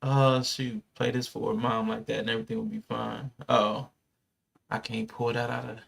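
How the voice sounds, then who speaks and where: A man's voice: medium pitch, moderate pace, gravelly. A man co-hosting a casual podcast who jokes and acts out what people said. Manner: joking, animated, acts out quotes. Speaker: podcast co-host. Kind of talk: casual chat.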